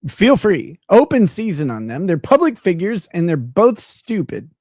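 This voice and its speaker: A man's voice: high voice, sing-song, moderate pace, a little mellow, no echo, clean studio sound. A man hosting a livestream in casual chat, blunt and profane, laughing often. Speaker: livestream host.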